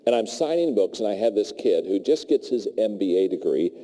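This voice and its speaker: Mellow-voiced man giving a lively motivational speech. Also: lowish voice, fairly quick. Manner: animated storyteller who acts out dialogue. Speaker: leadership speaker. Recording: long hall reverb.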